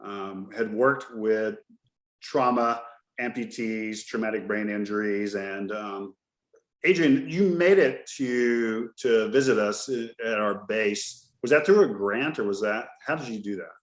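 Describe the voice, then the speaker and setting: A middle-aged man hosts a podcast in a casual, jokey storytelling way. His voice sits somewhat low. The sound carries a roomy echo around it. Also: measured pace. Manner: chatty storyteller, jokey and loose. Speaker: podcast host. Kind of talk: casual chat.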